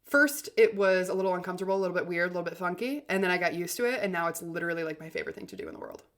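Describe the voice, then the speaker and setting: A woman's voice: fairly low pitch, racing, a bit bright. A woman hosting a motivational podcast about confident communication, with an upbeat, chatty delivery full of "like" and "literally.". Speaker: podcast host and communication coach.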